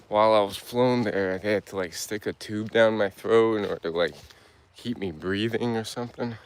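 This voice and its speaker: A man hosting a casual livestream while walking a hilly woodland trail, rambling loosely with lots of filler words and slurring some words. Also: fairly low pitch. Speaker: livestream host.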